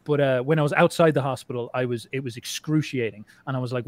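Casting: quick-talking man, podcast guest, loose, rambling, swears a lot. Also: mid-range voice. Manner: rambling, swears often, many restarts and fillers. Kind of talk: casual conversation.

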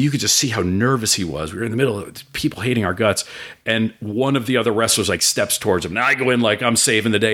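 A middle-aged man in casual conversation, telling an animated story with swearing and acted-out voices. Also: fairly low pitch, fast. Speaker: guest, food business owner.

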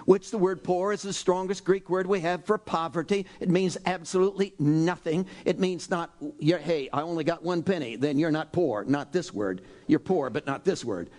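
A man preaching a sermon in an animated, dramatic way, now and then breaking into loud exhortations. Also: high voice, moderate pace, hardly any pauses. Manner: animated, dramatic, shifts into shouted exhortations and acted quotes. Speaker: pastor.

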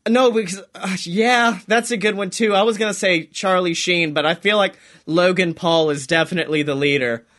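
A young man co-hosting a comedic podcast rambles through a silly story in a high, bright, ringing voice, swearing a lot and acting out little voices in quotes. His tone stays steady at a normal speed with hardly any pauses.

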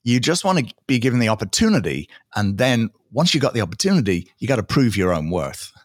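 A man in his fifties with a British accent picked up American phrasing, telling stories in a casual interview with animated asides. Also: mid-range voice, no echo, studio quality. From British Isles. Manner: animated, quick asides and acted-out quotes. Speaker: guest.

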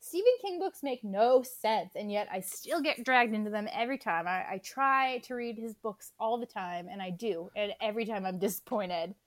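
A woman's voice: mid-range voice, moderate pace, hardly any pauses, no room sound. A young woman co-hosting a casual podcast, ranting about a movie with swearing and acted-out quotes. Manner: animated, swears, acts out scenes. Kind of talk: casual chat, movie rant.

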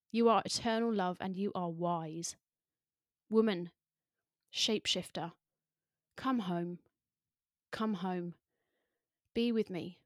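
Brief: woman host, unhurried poetry reading, dry close sound. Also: mid-range voice, dry recording. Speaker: podcast host. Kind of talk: slow, measured poetry reading.

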